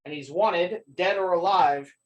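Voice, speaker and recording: Man narrating as game master, a bit high. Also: lo-fi sound. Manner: relaxed, halting, many ums.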